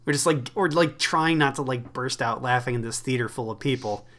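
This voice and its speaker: A man's voice: mid-range voice, a little fast, fairly bright tone. A young man co-hosting a podcast, rambling casually and laughing easily, a little wheezy. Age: young adult. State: wheezy from asthma. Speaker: podcast co-host. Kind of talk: casual chat.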